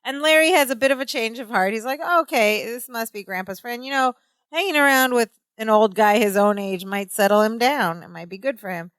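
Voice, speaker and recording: A woman's voice: fairly high pitch, a little fast, fairly bright tone, no echo. A woman co-hosting a podcast, chatting and teasing as she recaps a sitcom episode. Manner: chatty, teasing, laughs often. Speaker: podcast co-host.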